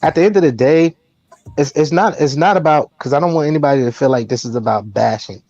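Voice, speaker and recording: A man's voice: on the high side, fast talker, darkish tone, no room sound, dull audio. A man on a casual talk show making his point emphatically, often repeating words as he goes. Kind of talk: casual chat.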